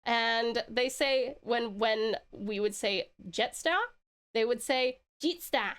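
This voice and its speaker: Giggly high Australian woman streamer. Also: takes it slowly, clear, resonant tone. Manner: giggly, excitable, swearing, reads chat aloud. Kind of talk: casual live stream chat.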